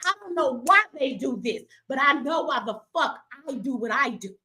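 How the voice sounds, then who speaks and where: Middle-aged female activist host; fierce, emphatic, cursing, teary; bright, high voice. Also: animated, normal speed. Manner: angry, profane, emphatic. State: crying. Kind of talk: impassioned livestream rant.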